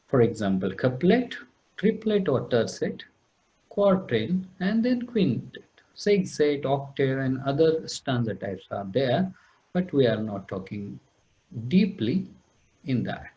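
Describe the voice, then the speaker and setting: Male lecturer, slow and sing-song delivery, repeats terms, reads verse lines slowly. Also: mid-range voice, dark tone, lo-fi sound. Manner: explains step by step, repeats terms, clears throat. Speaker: teacher. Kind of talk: recorded poetry lecture.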